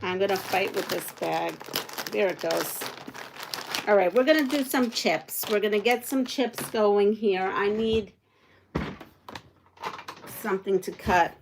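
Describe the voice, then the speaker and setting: Woman, quilting livestream host, unhurried speech, casual chat, thinks aloud while working. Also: mid-range voice, vocal fry, background noise. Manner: thinks aloud, chats with viewers' comments. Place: at home.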